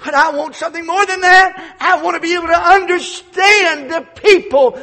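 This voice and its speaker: A man's voice: very high voice, moderate pace, pushed and bright, voice pushed up. A man, voicing an earnest young king pleading in prayer within a sermon.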